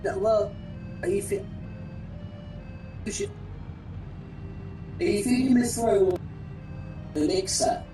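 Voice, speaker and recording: A man's voice: high-pitched, slow, long pauses, recorded from a distance, over music, rough recording. A man co-hosting a gaming stream, joking energetically and rambling through tangents. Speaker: co-host. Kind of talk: casual let's-play chat.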